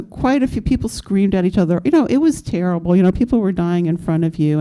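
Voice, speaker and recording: On a panel, a fifties-aged woman with a mellow, medium-pitched voice looks back on her activist history, sharing candid stories and laughing, with plenty of fillers.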